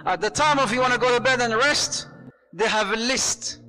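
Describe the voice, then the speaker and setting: Bright, high-voiced animated male preacher. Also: moderate pace. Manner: animated and humorous, acts out quoted voices; sprinkles Arabic phrases into English. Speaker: Muslim preacher. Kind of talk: lively sermon on marriage.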